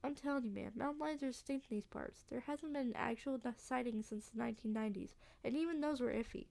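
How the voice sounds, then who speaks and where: A woman's voice: a little high, fast, gravelly, darkish tone. A woman reading the lines of a cheerful young woman who hunts cryptids on camera, chatty and breezy.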